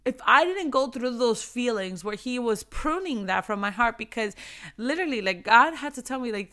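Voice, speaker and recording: A woman's voice: on the high side, expressive, normal speed, bright, forceful tone. A woman giving a heartfelt devotional talk, earnest and repetitive, building in intensity as she speaks.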